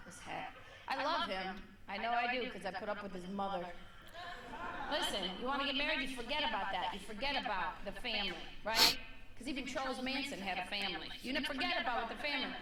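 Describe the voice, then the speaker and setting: A woman stand-up comedian from the United States, telling exasperated stories with sharp, punchy asides. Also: mid-range voice, animated, fairly quick, roomy sound. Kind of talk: stand-up routine.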